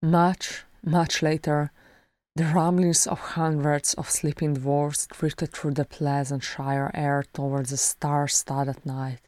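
Low, slow woman reading fiction. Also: flat delivery, a little mellow, no echo. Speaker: audiobook reader. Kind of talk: fan fiction audiobook narration.

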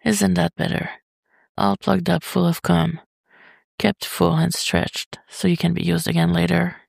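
A reader voicing a dominant but tender adult male lover in an audio story, speaking low and coaxing. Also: little pitch movement, measured pace, vocal fry, no room sound, studio quality. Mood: soft, soothing.

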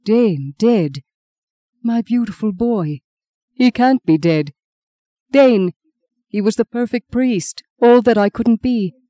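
A woman voicing a seventy-one-year-old male cardinal, formal and measured, whose speech breaks with grief. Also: fairly high pitch, lively intonation, mellow, no room sound, studio quality, pitched above the performer's own voice. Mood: grieving.

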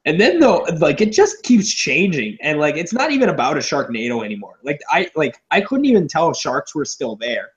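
Male co-host, sarcastic casual riffer, higher voice, muffled lo-fi recording. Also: fairly quick, hardly any pauses. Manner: sarcastic, swears freely, animated. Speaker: podcast co-host. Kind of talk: casual movie review chat. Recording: dull lo-fi audio.

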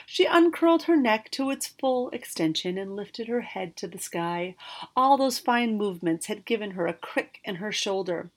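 Woman reading a storybook out loud, expressive, trips on a word here and there. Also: medium pitch, moderate pace. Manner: expressive with occasional slips and restarts. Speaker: narrator. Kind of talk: storybook narration read aloud.

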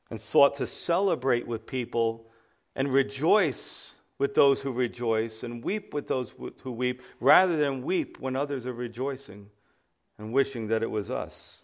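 Animated New York preacher. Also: male voice, mid-range voice. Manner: animated storyteller, acts out quotes with humorous asides. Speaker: pastor. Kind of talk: sermon.

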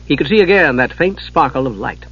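A man narrating an audiobook fantasy story in a measured, dramatic reading. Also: a little high, expressive, fairly bright tone, breathy edge. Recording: dull lo-fi audio.

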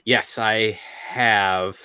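A man playing a tabletop game, halting and animated, stammering as he goes. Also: on the low side, clean tone, no room sound, studio quality. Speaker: player.

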